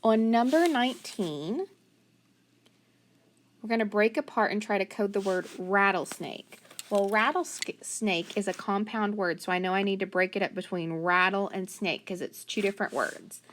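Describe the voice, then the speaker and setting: A woman's voice: mid-range voice, normal speed, a little hiss or hum. A woman teacher giving a phonics lesson, sounding out letters one by one and praising each answer.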